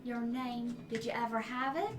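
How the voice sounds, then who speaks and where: A woman's voice: fairly high pitch, little pitch movement, moderate pace, far from the mic, background noise. A woman role-playing a tabletop character in an airy, offhand, playful way. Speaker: player.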